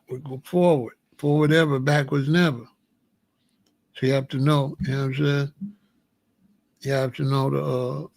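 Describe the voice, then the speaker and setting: A middle-aged American man with a fairly high, gravelly voice, heard close and dry. He hosts his own show and tells stories in a loose, animated way. He circles back over his own phrases as he talks. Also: dry recording. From United States. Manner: animated, rambling, repeats phrases. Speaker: host. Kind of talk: casual storytelling chat.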